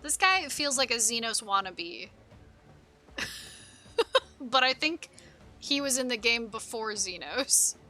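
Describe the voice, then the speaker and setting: A woman's voice: a little high, expressive, slow, pauses often, bright, forceful tone. A young woman streamer chatting with jokes and swearing during live game commentary. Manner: joking, swearing, giggly asides.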